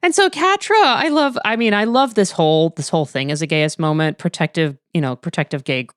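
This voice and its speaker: A woman's voice: animated, fairly quick, smooth, dry recording, studio quality. A woman co-hosting a podcast, chatting playfully and bubbly about the episode. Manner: playful, bubbly, big swings in pitch. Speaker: podcast co-host. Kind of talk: casual podcast recap chat.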